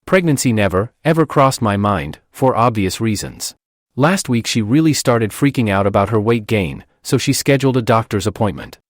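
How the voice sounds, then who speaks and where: Man with an animated storytelling voice. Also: on the low side, moderate pace, no room sound, studio quality. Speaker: story narrator. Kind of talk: scripted narration of a reddit post.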